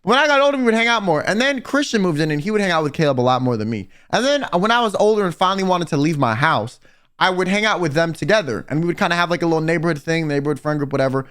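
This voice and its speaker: A young man telling a personal storytime in casual, profane slang, animated and blunt. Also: on the high side, rapid-fire, smooth. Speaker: vtuber and livestreamer. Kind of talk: storytime rant.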